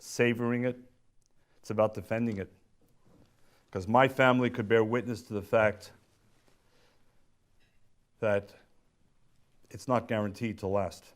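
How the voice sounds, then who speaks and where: A man delivering a public speech as featured speaker, with measured pacing, deliberate pauses and emphatic stresses. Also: medium pitch.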